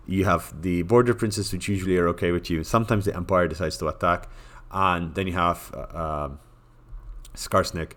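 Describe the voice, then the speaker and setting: A man with a very low voice runs through a video game ranking in a loose, offhand way. He is blunt and jokey, and he trips over his words with fillers and restarts as he goes. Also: steady tone, moderate pace, fairly bright tone. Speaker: gaming commentator. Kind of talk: casual game tier-list commentary.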